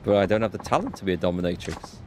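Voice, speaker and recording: A timid, gentle young dominatrix who apologizes more than she commands, read out by a man. The voice sits low and plain, barely changed from an everyday speaking voice, as if reading game subtitles aloud. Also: animated, racing, a little hiss or hum. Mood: meek. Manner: soft-spoken, apologetic.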